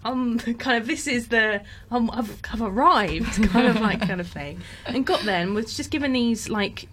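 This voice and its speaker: A woman's voice: fairly high pitch, moderate pace, fairly bright tone, a little hiss or hum. A young woman telling a story in casual chat, often laughing, with lots of fillers.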